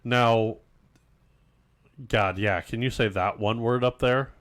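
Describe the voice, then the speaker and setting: A man's voice: medium pitch, steady tone, takes it slowly, a bit bright. A man co-hosting a casual podcast, joking about fancy words and mocking pompous speech. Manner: jokey, mocks pompous speech. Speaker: podcast co-host. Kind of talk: casual chat.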